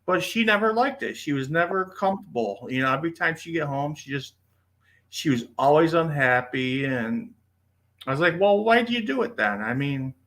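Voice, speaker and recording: A man's voice: fairly high pitch, normal speed, a bit bright. A man in a casual group chat who talks in a rambling way and fills his sentences with "you know.". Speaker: chat participant.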